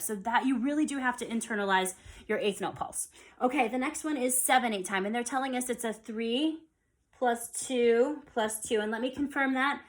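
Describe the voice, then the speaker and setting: A woman teaching an online music theory lesson, counting beats aloud and explaining in a relaxed, conversational way. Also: on the high side. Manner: relaxed and conversational, with fillers and restarts.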